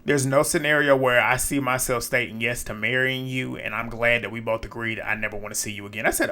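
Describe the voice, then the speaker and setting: A man's voice: mid-range voice, lively intonation, brisk, vocal fry, bright, forceful tone. A man casually recapping a reality dating show episode, blunt and exasperated, laughing now and then as he retells the scenes. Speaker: recap commentator.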